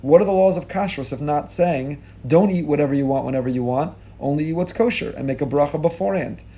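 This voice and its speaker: A middle-aged rabbi giving a sermon with rising emphasis, mixing in Hebrew and Yiddish religious terms. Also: male voice, on the high side, fast, warm tone. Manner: impassioned, rising emphasis on key lines.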